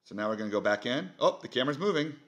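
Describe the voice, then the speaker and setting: Bright-voiced man casually demoing a gadget. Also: mid-range voice, animated, racing. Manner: easygoing, thinking aloud with fillers. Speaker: product reviewer. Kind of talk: casual product demo.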